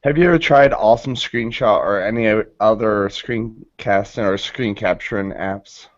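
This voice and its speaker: A somewhat low male voice chats hesitantly, filling pauses with ums, as a panelist in an online session. The audio is dry and dull, like a video call. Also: no room sound. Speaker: panelist, educator. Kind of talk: conversational chat.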